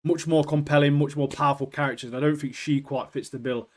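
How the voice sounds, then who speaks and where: A young British man co-hosting a podcast, chatting casually and excitedly, swearing and calling his friend "mate" constantly. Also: on the high side, fast. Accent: British English. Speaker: podcast co-host. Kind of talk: casual chat.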